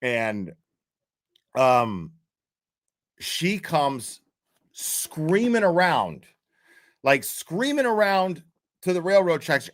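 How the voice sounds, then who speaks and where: A man in his fifties spins a rambling, swear-heavy story, pitched a touch high for a man. He checks in with his listener every few lines and talks in loose, casual bursts. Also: big pitch swings, takes it slowly, long pauses. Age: 50s. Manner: profane, rambling, keeps checking in with "right?".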